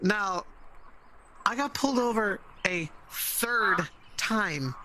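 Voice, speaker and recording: A man casually telling a funny anecdote to friends, with wry, sarcastic, deadpan asides. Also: high-pitched, slow pace, slight background noise. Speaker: storyteller.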